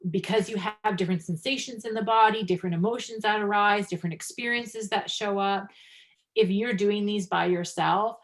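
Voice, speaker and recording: A woman's voice: mid-range voice, normal speed. A woman guest coach talking in a podcast interview, earnest and filler-heavy, livening up when she tells stories about her classes. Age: adult, practicing five years. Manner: earnest, many fillers, lively when telling anecdotes.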